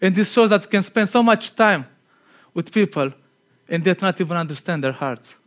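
A man preaching a conversational sermon. He is earnest and chatty, laughs at himself, and drops to a quiet tone for emphasis. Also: high voice, expressive, normal speed.

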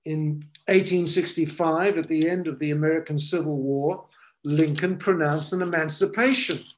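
A man preaching a sermon as a pastor, emphatic and paced with dramatic pauses. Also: fairly high pitch, slight background noise.

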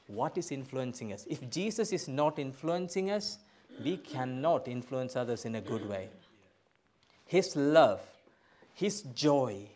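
A middle-aged man, a pastor, preaching a sermon in a church, emphatic, swinging from loud bursts to quiet asides. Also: medium pitch. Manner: emphatic, rising to loud bursts then dropping soft.

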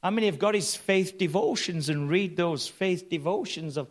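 A man preaching a sermon, telling a story that builds to loud, excited bursts with laughter. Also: high-pitched, moderate pace.

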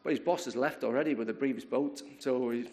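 A man preaching a sermon, retelling a story in a lively way, often repeating words and restarting his sentences. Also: medium pitch, quick pace.

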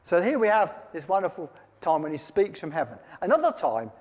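A man's voice: high-pitched, huge pitch swings, fairly quick. A man preaching a sermon, reading Bible verses aloud and then explaining them in plain, chatty words. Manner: reads scripture aloud then comments in plain chat. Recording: long hall reverb.

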